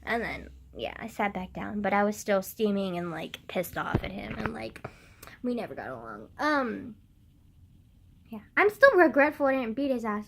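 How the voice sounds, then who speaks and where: A woman's voice: medium pitch, vocal fry, a little hiss or hum. A woman vlogging, telling stories in a rambling, giggly way, full of "like" and fillers. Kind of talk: casual storytelling to camera.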